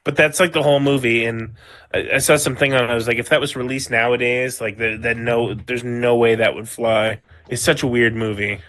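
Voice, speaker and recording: A man's voice: medium pitch, fairly even intonation, a little fast, a bit bright. Rambling male podcaster telling a story. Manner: rambling storyteller, heavy use of "like", swearing. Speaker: podcast co-host. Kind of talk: casual podcast chat.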